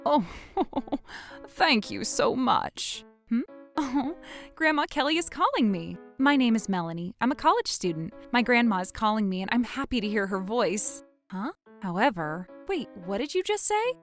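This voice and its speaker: A woman with a high, lively voice acts out every role in a dramatic story, switching sharply between characters. Soft music plays beneath her. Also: moderate pace. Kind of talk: acted story narration with many voices.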